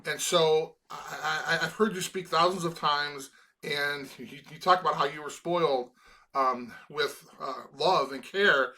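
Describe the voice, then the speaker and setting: A middle-aged Chicago man who once played college football speaks in a rather high, sharp voice during an emotional interview conversation. He is earnest but halting, frequently starting his sentences over.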